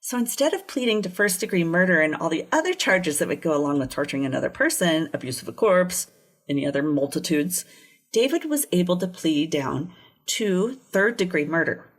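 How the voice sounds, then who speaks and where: A woman co-hosting a true crime podcast speaks in a lowish, animated, brisk voice. She recounts a case in casual conversation, tossing in blunt, sarcastic asides.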